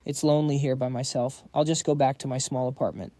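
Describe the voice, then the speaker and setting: A man's voice: mid-range voice, level tone, quick pace, mellow, dry recording, lightly acted. A man reading as a sassy young female coach. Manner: sassy and teasing.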